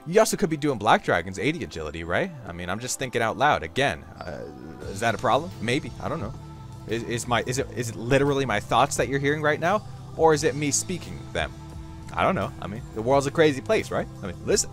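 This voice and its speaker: A young man giving playful, rambling commentary on his own gameplay, talking to the viewer with sudden loud outbursts. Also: medium pitch. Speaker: gaming YouTuber.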